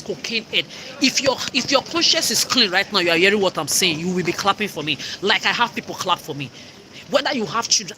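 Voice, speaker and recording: A woman's voice: on the low side, sharp tone, slight background noise. A woman, cursing her enemies in an angry, repetitive vlog rant. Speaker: vlogger. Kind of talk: angry monologue rant to camera.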